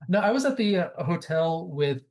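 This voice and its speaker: A man's voice: a little high, very animated, moderate pace. A man in his forties co-hosting a podcast in casual chat, tossing in trivia asides with a chuckle. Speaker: podcast co-host.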